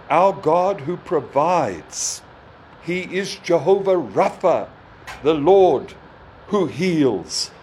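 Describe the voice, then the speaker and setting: A man preaching a sermon, slow and emphatic, with rising exclamations. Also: sits high, background noise.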